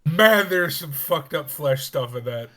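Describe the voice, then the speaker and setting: A man's voice: on the high side, animated, measured pace, a crowd in the background. A man playing a tabletop game, joking and laughing often. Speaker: player. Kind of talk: casual tabletop game chat.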